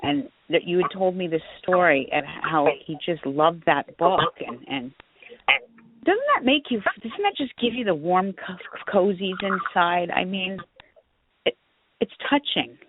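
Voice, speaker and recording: Her voice is fairly low and a little slow as she hosts a talk radio show, gushing over her guest in a casual, chatty phone interview full of warm-hearted asides. The line sounds tinny, with a faint hiss.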